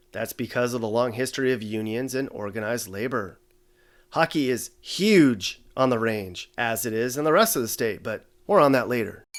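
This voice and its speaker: A man hosting a comedic explainer, narrating in a dry, sarcastic, deadpan way. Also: mid-range voice. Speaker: host.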